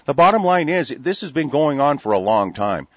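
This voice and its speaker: A man's voice: mid-range voice, sing-song, moderate pace, slight background noise. A man from the United States in a heated, rambling talk-radio rant, stammering through restarts and swearing freely. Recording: dull lo-fi recording.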